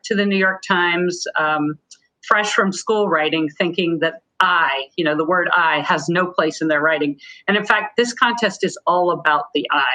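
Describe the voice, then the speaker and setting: Bright, lowish-voiced woman presenting. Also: low-quality recording. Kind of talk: presenting in a webinar.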